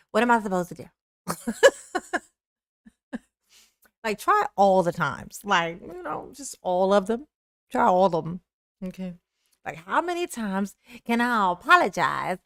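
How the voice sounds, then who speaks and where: A woman's voice: medium pitch, very animated, normal speed, pauses often, a bit bright, smooth, no echo, studio quality. A woman streaming live commentary, mocking the clips she plays, laughing often and answering her viewers' chat. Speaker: streamer reacting to court clips. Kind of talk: livestream commentary.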